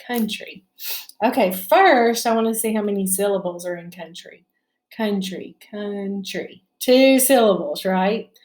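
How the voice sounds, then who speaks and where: A woman's voice: mid-range voice, a little mellow. A woman teacher leading a spelling lesson for children, patiently sounding out each syllable and checking in with "right?".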